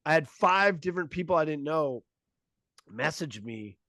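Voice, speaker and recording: A man's voice: fairly high pitch, moderate pace, no room sound. A man, a comedian, telling a story in casual podcast chat and acting out the lines of the people in it. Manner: animated storyteller, acts out quoted lines.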